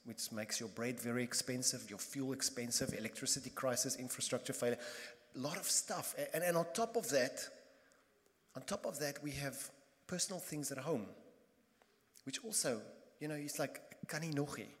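A man preaching a sermon as pastor, emphatic and impassioned, repeating phrases and swinging between loud bursts and hushed moments. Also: medium pitch, normal speed. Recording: long reverb of a large hall.

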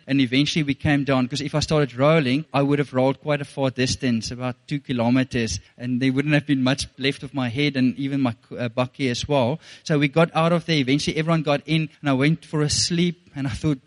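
A middle-aged pastor with a South African accent preaches a sermon. He talks in an earnest, rambling way, restarting his sentences as he tells a personal story. His voice sits at an ordinary middle pitch.

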